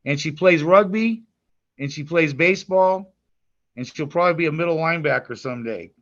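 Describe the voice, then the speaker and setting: In this casual interview chat, the musician guest, an older man who is also a grandfather, rambles along with stammers and restarts. He speaks briskly in a voice on the high side, and the recording sounds muffled.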